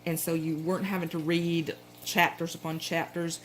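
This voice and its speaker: A middle-aged woman with a Southern accent talks in a low, easygoing voice. She chats and rambles, often stopping to correct herself mid-sentence. A faint hum sits underneath the recording. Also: little pitch movement, moderate pace, rough recording. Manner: chatty, rambling, frequent self-corrections. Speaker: planner vlogger. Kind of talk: casual show-and-tell chat.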